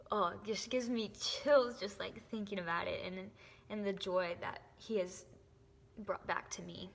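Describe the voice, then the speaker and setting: A young woman gives an earnest, emotional faith testimony to camera, often dropping to a soft whisper. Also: medium pitch, fairly even intonation, unhurried, vocal fry, slight background noise. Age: young adult. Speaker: faith vlogger. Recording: echoey room with long reverb.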